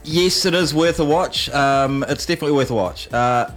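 A man's voice: on the high side, moderate pace, fairly bright tone, faint music behind. A man joining a radio show in the studio, answering in a hesitant, wry way. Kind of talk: casual radio chat.

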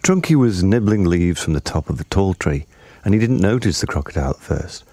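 Deep husky man reading a storybook. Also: lively intonation, a little fast, mellow, no room sound. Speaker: narrator.

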